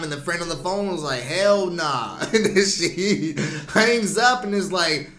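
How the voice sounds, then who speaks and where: A man casually recapping a horror movie, animated and slangy, acting out the characters' lines and laughing often. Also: sits high, unhurried, echoey room, faint music behind. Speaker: movie reviewer.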